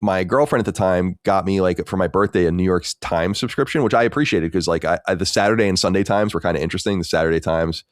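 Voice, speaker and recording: A man's voice: low voice, quick pace, few pauses, no echo, studio quality. A man in his thirties co-hosting a podcast, chatting casually and telling rambling stories with some swearing. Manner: animated, swearing, rambling storyteller. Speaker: podcast co-host.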